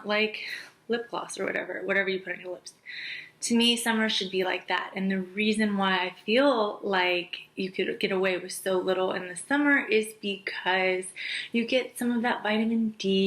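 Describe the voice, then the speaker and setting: A woman's voice: medium pitch, a bit bright, poor audio. A young woman, a makeup artist, chatting through a beauty review, a little out of breath, gushing and dropping to a whisper on what she loves. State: out of breath, pregnant. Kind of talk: casual beauty review chat.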